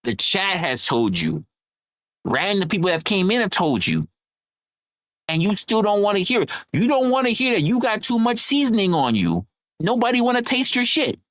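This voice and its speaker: Streamer scolding a viewer, profane and relentless, animated pitch, dry close sound. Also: normal speed, no echo. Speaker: livestream host. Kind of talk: heated livestream rant.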